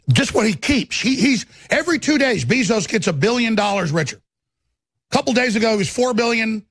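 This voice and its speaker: A man hosting a talk radio show, ranting angrily and emphatically, pitching products between tirades. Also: creaky, fairly bright tone, no room sound, clean studio sound. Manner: angry, emphatic, repetitive ranting.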